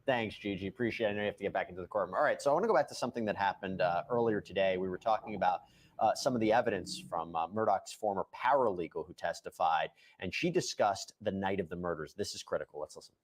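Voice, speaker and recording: A man hosting a live news commentary show, animated and quick, often jumping in over his guest. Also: deep voice.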